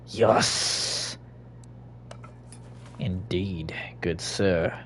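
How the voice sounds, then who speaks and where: A gaming streamer gives casual commentary on his gameplay at a measured pace, swearing a lot, talking to himself and laughing. He breaks into sudden loud, high-pitched outbursts.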